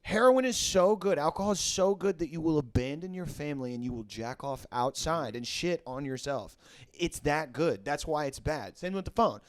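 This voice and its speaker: A man chatting casually on a podcast, telling rambling, animated stories and acting out the people in them. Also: fairly high pitch, moderate pace, no echo. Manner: rambling, animated storytelling with acted-out quotes.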